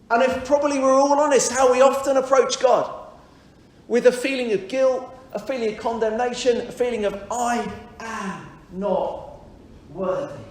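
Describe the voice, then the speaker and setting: A man minister preaching a sermon during a church service, reflective, repeating key phrases and speaking straight to his listeners. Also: very high voice. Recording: very echoey church sanctuary.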